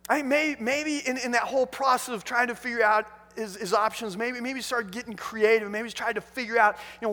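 A man preaching a sermon as a pastor, telling the story in an animated way with many restarts. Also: extremely high pitch, a little fast, few pauses, long reverb tail.

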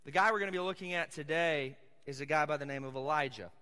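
A man's voice: on the high side, fast, sharp tone, clear, resonant tone, big-room sound. A man with a Southern American accent preaching a sermon as pastor, casual and conversational with asides to the audience.

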